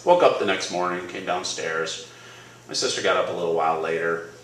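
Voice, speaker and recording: A man's voice: low-pitched, a little fast, a bit bright. Guy telling a rambly funny story in a cafe, kinda far from the mic, echoey with room noise. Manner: casual, self-deprecating, rambling. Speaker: storyteller at a live event. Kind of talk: live personal storytelling. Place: cafe stage before an audience. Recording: echoey room, distant mic, crowd ambience.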